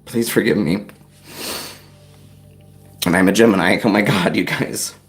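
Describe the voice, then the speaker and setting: Man, tarot reader, live stream, low-ish voice, soft-spoken, talks to viewers, emotional. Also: a little slow, soft background music. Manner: chatty, talks straight to viewers; soft-spoken, gets choked up. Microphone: on-camera livestream mic.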